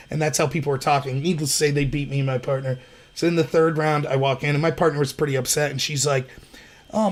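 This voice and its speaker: A man from Pennsylvania hosting his own livestream, telling stories in a casual, digressive way. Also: a little high. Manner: storytelling, chatty, digressive. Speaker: livestream host.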